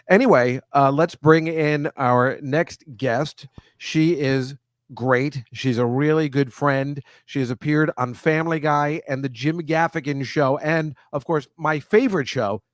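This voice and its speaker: A man's voice: medium pitch, dry recording, studio quality. A man hosting a casual comedy show, chatting with a guest in a rambling, self-correcting way. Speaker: host. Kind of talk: casual video-call chat.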